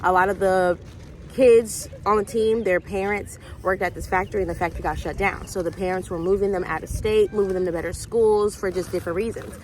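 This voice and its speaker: A woman's voice: mid-range voice, steady tone, a little fast, slight background noise. Chatty woman retelling a movie. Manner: chatty storyteller acting out quoted dialogue. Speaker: host of a faith vlog.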